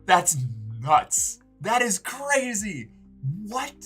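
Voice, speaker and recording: A man's voice: sits high, sing-song, drawn-out words, fairly bright tone, slightly rough, soft background music. An American man chatting casually with viewers on a livestream, rambling with lots of fillers and swearing freely. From United States.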